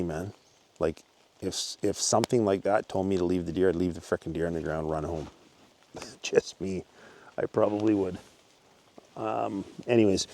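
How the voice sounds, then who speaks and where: A man with a low-pitched, creaky, dark voice hosts his own channel, casually retelling a story he heard while out on a mountain hike. He restarts often and uses lots of fillers.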